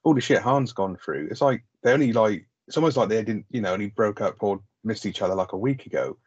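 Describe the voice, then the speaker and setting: Male co-host, husky, dry-miked, dull lo-fi sound, rambling casual chat. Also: fairly low pitch, quick pace, a little mellow, no echo. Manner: rambling, sweary, lots of "like". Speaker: podcast co-host. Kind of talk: casual film review chat.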